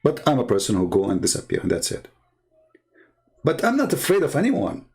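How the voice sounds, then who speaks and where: Man, gravelly, middle pitch, earnest, emphatic, non-native phrasing, interview talk. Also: wildly swooping pitch, brisk, a little mellow. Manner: acts out quoted people with big pitch jumps. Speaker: Christian public speaker.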